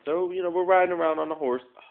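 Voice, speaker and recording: A man with a gravelly, creaky voice rambles through a self-deprecating story straight into his phone, padding it with fillers and asides. The sound is thin and tinny, like phone audio. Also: a little high, fairly even intonation, rapid-fire. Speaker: vlogger. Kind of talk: casual storytelling to a phone camera. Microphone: phone front camera.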